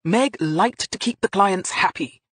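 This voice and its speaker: A prickly, clipped man, as an audiobook narrator puts him on, a touch higher than the narration. He answers sharply in a dry, close sound. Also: lively intonation, moderate pace, fairly bright tone, no echo.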